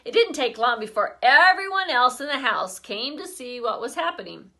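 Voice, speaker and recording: A woman's voice: high-pitched, sing-song, normal speed, pushed and bright. A woman teacher reading a children's chapter book aloud expressively, breaking off for chatty asides to her class.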